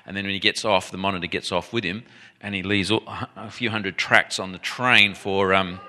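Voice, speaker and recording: A man preaching a sermon in an animated, emphatic way, often restarting his sentences. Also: deep voice, normal speed.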